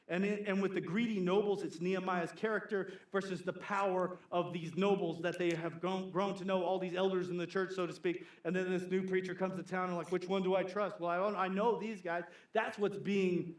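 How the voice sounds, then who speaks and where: Animated high-voiced preacher, echoey church. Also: male voice. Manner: animated, acts out gossiping church members in playful voices. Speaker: pastor. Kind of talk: sermon.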